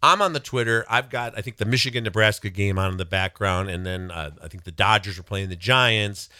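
A man's voice: lowish voice, fairly quick, pushed and bright, clear, resonant tone, no room sound, clean studio sound. A man co-hosting a talk show, chatting casually about sports, jumping up into quoted voices. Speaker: co-host.

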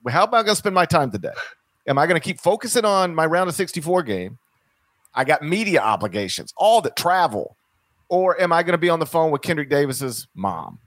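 A man talks through his point in a loose, rambling way, circling back with fillers and restarts. His voice sits at an ordinary pitch. The recording is dry and close, with no room sound. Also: no room sound. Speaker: podcast co-host. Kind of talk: casual sports chat.

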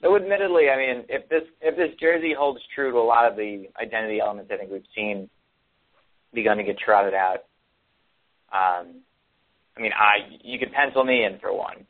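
A man's voice: mid-range voice, normal speed. A man co-hosting a casual sports talk show, rambling with many ums and restarts. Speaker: podcast co-host. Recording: tinny phone-like sound.

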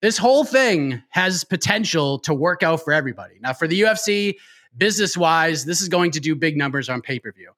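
A man's voice: fairly high pitch, expressive, brisk, a bit bright. A man who created the show, now on its panel, trash-talking with mock-fight hype and then giving emphatic fight analysis. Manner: brash, emphatic, repeats for effect.

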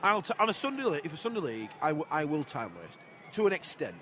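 Young fan, high and animated, excitable matchday vlogger recorded outdoors with loud background noise. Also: male voice, quick pace. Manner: excitable, shouts at the play, argumentative. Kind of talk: live matchday commentary and banter. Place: football stadium stands, outdoors. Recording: noisy outdoor stadium.

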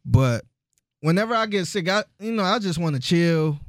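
A man co-hosting a podcast, telling stories in a relaxed, slangy way with frequent chuckles. His voice sits a little high for a man. The sound is dry and close. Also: normal speed, dry recording. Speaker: podcast co-host. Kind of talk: casual podcast chat.

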